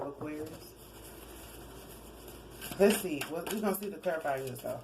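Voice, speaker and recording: A woman with a low voice talks through a tarot reading in a loose, conversational way. She wanders off track, corrects herself mid-sentence and slips in chuckling asides. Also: expressive, normal speed, very noisy. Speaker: tarot card reader. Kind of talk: casual spoken tarot reading.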